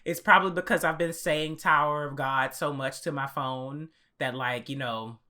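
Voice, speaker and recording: Young guy ranting on a podcast, bright voice, swears a lot, gets loud and excited. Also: fairly high pitch, normal speed. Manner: animated, profane storytelling, acts out his own reactions. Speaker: podcast co-host. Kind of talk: casual podcast chat.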